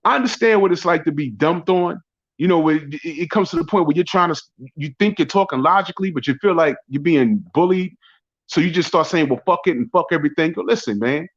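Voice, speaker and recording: High-pitched guy ranting and cussing, mocking everybody, kinda muffled lo-fi audio. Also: brisk. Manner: loud, profane, mocking, rambling. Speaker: podcast host. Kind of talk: profane ranting commentary. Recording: dull lo-fi audio.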